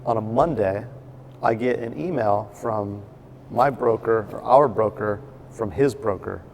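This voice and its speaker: A man telling the story of opening his brewery in a casual chat, acting out what people said with lively restarts. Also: on the low side, a little slow, gravelly, a little hiss or hum. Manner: animated storyteller, acts out quotes with restarts. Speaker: brewery owner, guest.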